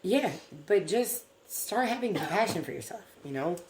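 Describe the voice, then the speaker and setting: A woman's voice: medium pitch, moderate pace, reverberant, slight background noise. A woman co-hosting a talk show, talking earnestly and at length about something personal. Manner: earnest, rambling, animated.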